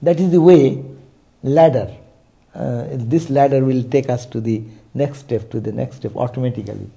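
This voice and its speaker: Male teacher, sermon, dark tone, gravelly. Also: medium pitch, normal speed. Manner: storytelling, frequent rhetorical "eh?". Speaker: spiritual teacher.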